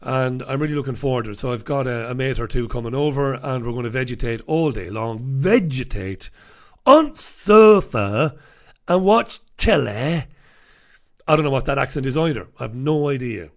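A man's voice: mid-range voice, fast, few pauses. An Irish man hosting a casual live stream from a small studio, rambling and mocking himself as he chats to viewers. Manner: rambling, self-mocking, chatty. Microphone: desk microphone.

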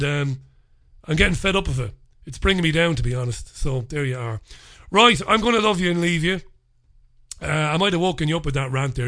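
An unwell man hosts his own show alone, launching into a fiery, foul-mouthed rant. His voice sits high for a man, with a bright, piercing edge. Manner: heated, profane, forceful ranting. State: unwell with a lingering infection. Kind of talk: solo monologue, ranting commentary.

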